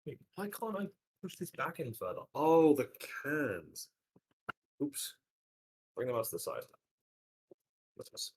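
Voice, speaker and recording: A man's voice: fairly high pitch, big pitch swings, normal speed, long pauses, a little hiss or hum. A young man chatting casually to a live stream while he cooks, rambling and slangy, swearing and trailing off mid-sentence, sometimes stepping away from the mic. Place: home kitchen.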